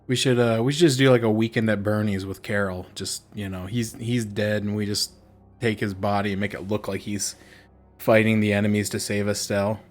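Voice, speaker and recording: A man's voice: lowish voice, steady tone, brisk, faint music behind. Joking man streaming a game. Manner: joking, rambling, dark humor. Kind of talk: casual gameplay commentary.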